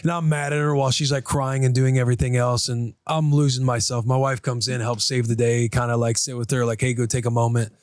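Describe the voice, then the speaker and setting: A man's voice: medium pitch, level tone, fairly quick, few pauses, smooth, dry recording, studio quality. A man in his thirties, co-hosting a casual podcast, telling a family story openly and acting out the voices in it. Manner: candid storytelling, acts out family dialogue. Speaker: podcast co-host, former pro football player.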